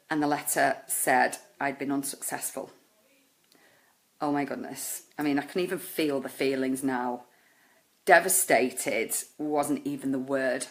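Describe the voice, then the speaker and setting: A woman's voice: a bass voice, steady tone, measured pace. A woman, earnestly telling a personal story with many fillers. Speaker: life coach.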